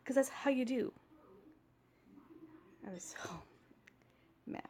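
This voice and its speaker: A woman's voice: high voice, slow, very noisy. A woman in her thirties telling a workplace story in a casual vlog, exasperated and ranting, acting out what others said. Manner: exasperated, ranting, acts out quoted dialogue. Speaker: vlogger.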